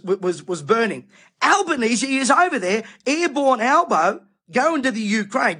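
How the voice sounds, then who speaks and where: A man's voice: high-pitched, pushed and bright, slightly rough. A middle-aged Australian man, a preacher, ranting indignantly in an impassioned monologue.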